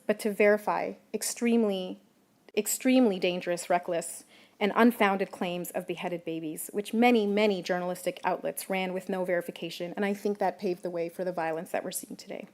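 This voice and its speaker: A woman journalist giving a prepared public talk, measured and emphatic, stressing key words. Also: medium pitch, darkish tone. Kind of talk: prepared lecture.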